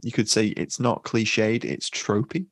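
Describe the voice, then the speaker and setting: Male co-host, low gravelly voice, measured film analysis, dry sound. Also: dry recording. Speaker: podcast co-host. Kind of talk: casual film review chat.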